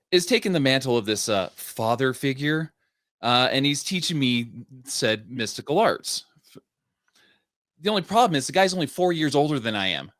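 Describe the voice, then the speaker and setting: A man introducing his tabletop role-play character in a halting way, restarting his sentences. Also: mid-range voice, a bit bright, no room sound, studio quality. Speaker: player.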